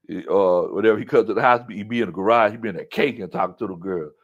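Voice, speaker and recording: A man hosting a casual sports talk show, animated and quick to laugh. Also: on the low side, husky, muffled recording. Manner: animated, breaks into loud laughs and shouts, does voices.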